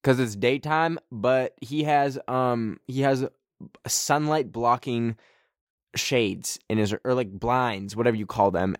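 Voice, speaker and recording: A man's voice: mid-range voice, steady tone, slow pace, no echo, clean studio sound. A man hosting a podcast in casual chat from a friend's room, rambling with lots of fillers and poking fun at himself. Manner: rambling, filler-heavy, self-mocking. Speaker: podcast host. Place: friend's darkened bedroom.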